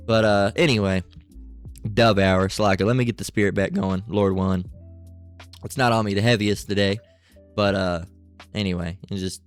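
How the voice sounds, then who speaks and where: A man's voice: fairly low pitch, clean tone. A man giving casual religious commentary with an itchy throat, rambling and swearing, full of fillers and asides.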